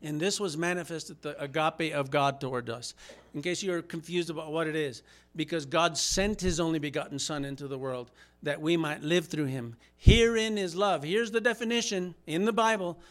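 A pastor with a strikingly high voice delivers a sermon at a normal pace, moving between hushed, low asides and loud, fervent proclamations. He performs the quoted voices himself and builds to shouts at the climaxes.

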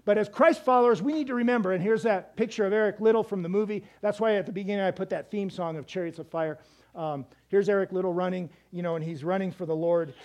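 A man's voice: high-pitched, fast talker, darkish tone, muffled recording. A man preaching a sermon as a missionary, conversational and emphatic, often repeating words and restarting.

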